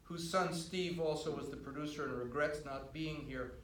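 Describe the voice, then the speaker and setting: An older man, a writer-director on a film panel, recounting production stories in a measured, dry way at a screening Q&A. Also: a little high, a bit bright, a little hiss or hum. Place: cinema auditorium. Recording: roomy, distant from the mic.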